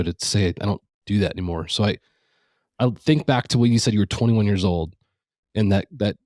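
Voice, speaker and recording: Low-voiced, reflective male podcast host. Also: darkish tone, dry recording, clean studio sound. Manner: reflective, relates the story to his own experience. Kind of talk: casual interview chat.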